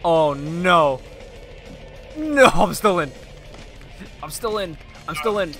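A streamer chatting casually with friends while playing a wrestling video game, laughing often and swearing loudly in jokey banter. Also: mid-range voice, lively intonation, takes it slowly, soft background music. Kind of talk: casual gaming chat.

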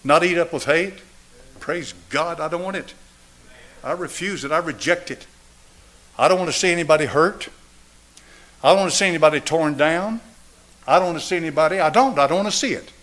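A man's voice: on the high side, fairly quick, pauses often. Older man preaching with emphatic repetition. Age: 70s. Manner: swings between raised and hushed delivery. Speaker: pastor. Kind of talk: sermon with altar call.

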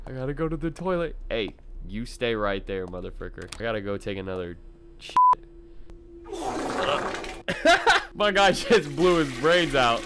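A young man doing gaming commentary to his chat, loud, excitable, slangy and quick to laugh. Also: medium pitch, noisy background. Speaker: gaming YouTuber. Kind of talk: let's-play commentary.

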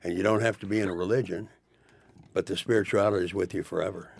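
An older man talks in a low, gravelly voice, rambling and emphatic as a studio guest. The sound is dry and close. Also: steady tone, quick pace, dry recording. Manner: rambling, emphatic, spiritual musings. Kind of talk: rambling studio interview talk. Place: radio studio.

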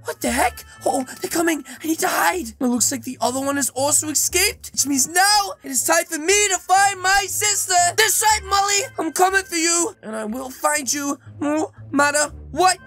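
A woman's voice: extremely high pitch, moderate pace, few pauses, a bit bright, faint music behind. A woman hosting a game role-play video, chatty and silly, talking straight to her viewers. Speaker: gaming video host.

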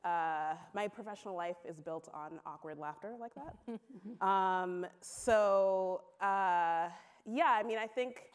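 A woman's voice: mid-range voice, takes it slowly, clear, resonant tone. A woman on a panel before a live audience, speaking candidly and wryly with frequent laughs and restarts. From Connecticut, USA. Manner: wry, laughs often, trails into restarts. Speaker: panelist answering audience questions. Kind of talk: candid conversational talk on stage.

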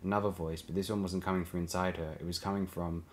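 A man narrating an audiobook in a steady, low-key reading. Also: quick pace, slight background noise. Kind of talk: scripted narration.

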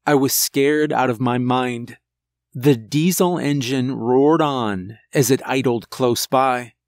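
A man narrating a first-person horror story in a measured, tense way, over faint music. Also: medium pitch, no room sound, clean studio sound.

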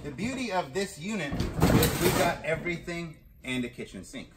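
A man's voice: fairly high pitch, expressive, normal speed, heavy background noise. A man hosting a vlog, chatting casually and joking while he sorts through a storage unit. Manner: chatty, jokey, thinking out loud. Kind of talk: casual chat to camera.

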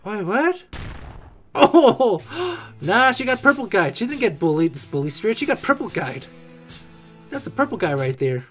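An excitable gamer joking and exclaiming while reacting to a game's death scenes. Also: mid-range voice, normal speed, faint music behind. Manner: excitable, jokey, exclaims often and mimics characters. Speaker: reaction video creator. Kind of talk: casual game reaction commentary.

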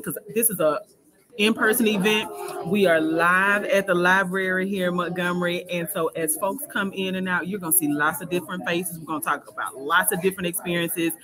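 A woman's voice: on the low side, rough recording. A woman hosts a live event broadcast, hyping it up and talking straight to the viewers. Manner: lively, hyped, talks to viewers directly. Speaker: host. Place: library event with people around. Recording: crowd chatter behind.

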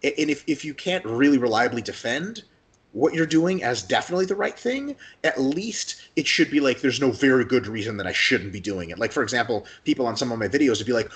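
A man rattles along at a quick clip in a casual podcast chat. He swears freely and acts out little imagined exchanges, jumping into other voices for a moment. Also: mid-range voice. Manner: fast, animated, profane, acts out imagined dialogues. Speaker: guest, hypertrophy coach.

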